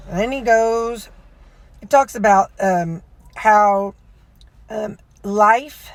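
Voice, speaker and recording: A woman's voice: mid-range voice, no room sound. Woman rambling while talking from a car. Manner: rambling, with many fillers and self-corrections. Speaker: vlogger. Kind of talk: casual retelling of a sermon. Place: inside a car.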